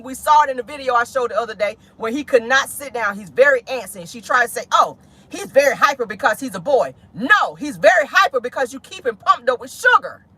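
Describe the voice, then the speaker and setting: A woman gossip vlogger ranting bluntly and profanely in a car, outspoken and animated, breaking into mocking squeals when she mimics people. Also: sits high. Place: inside a car.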